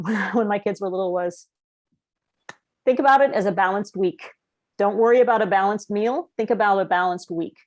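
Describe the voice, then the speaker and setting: A middle-aged woman talking on a video call panel, chatty and anecdotal. She acts out quoted voices and laughs often, in a voice of middling pitch. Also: darkish tone. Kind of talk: casual panel chat.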